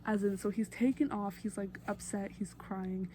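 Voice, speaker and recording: Mellow-voiced chatty woman vlogger. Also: medium pitch, fairly even intonation, moderate pace, a little hiss or hum. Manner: chatty, gushing fan, lots of fillers. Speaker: music vlogger. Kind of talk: casual song breakdown.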